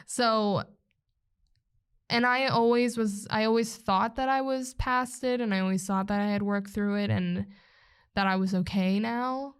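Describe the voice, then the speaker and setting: A young woman on a casual podcast, her speech halting and full of restarts. She sounds emotional and works to hold back tears, with an even mid-range voice. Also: mid-range voice, clean tone. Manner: emotional, halting, trying not to cry. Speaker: podcast co-host. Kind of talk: casual heartfelt chat. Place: indoor podcast recording.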